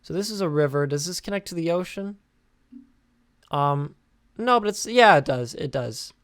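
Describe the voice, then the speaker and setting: A man's voice: fairly high pitch, expressive, normal speed, a bit bright, dry recording. A young male gaming host talks casually while he builds, tired and drowsy. He rambles in a chatty way, with fillers and false starts. The sound is dry and close, like a desktop gaming mic in a dead room. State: tired and sleepy.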